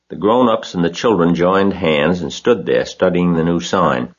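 A man with a husky voice reading a children's story aloud as narrator. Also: sits low, moderate pace, few pauses, muffled recording.

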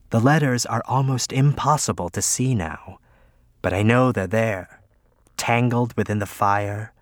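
A man reading a first-person story aloud in a measured, low-key way. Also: no echo, clean studio sound. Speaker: audiobook narrator. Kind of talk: scripted first-person narration.

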